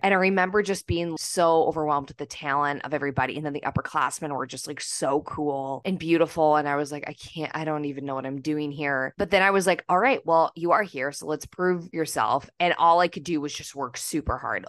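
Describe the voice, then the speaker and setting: A woman's voice: low-pitched, a bit bright, no room sound. A young adult woman, a podcast guest, telling stories in a chatty, self-deprecating way and laughing often. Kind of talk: casual interview storytelling.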